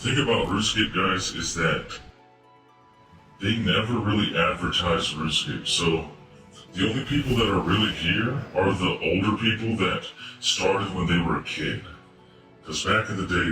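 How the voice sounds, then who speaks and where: A man streaming a game live through a voice changer, chatting casually to his viewers. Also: low voice. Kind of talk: live gameplay stream commentary. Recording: echoey room, far from mic, game music.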